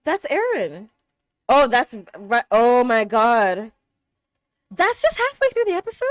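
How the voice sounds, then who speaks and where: A young woman reacting to an anime episode, exclaiming and gasping, swinging between hushed murmurs and loud outbursts. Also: on the high side, very animated, unhurried, no room sound, studio quality. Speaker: reaction streamer.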